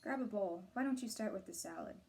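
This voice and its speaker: A woman reading aloud, voicing a caring and protective mother who speaks gently and firmly. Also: medium pitch, brisk, natural voice. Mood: gentle. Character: caring protective adult mother, warm and firm.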